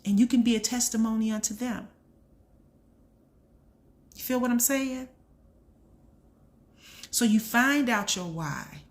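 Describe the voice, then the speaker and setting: A woman's voice: a little high, slow, long pauses. A mother talking earnestly to her viewers about faith and self-reflection, preaching in a casual way and repeating key lines for emphasis. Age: adult with a son. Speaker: channel host. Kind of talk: motivational faith talk.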